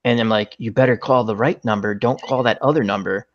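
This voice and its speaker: A man's voice: on the low side, a little fast. Joking male host, lo-fi sound. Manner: joking storyteller, acts out voices in anecdotes. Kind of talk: casual chat.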